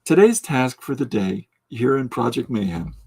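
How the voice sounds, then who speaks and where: A man's voice: medium pitch, very animated, moderate pace, vocal fry, a little mellow, husky. A man hosting a casual livestream podcast, joking, laughing often and reading out viewer comments. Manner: jokey, tries out voices mid-talk. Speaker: podcast host.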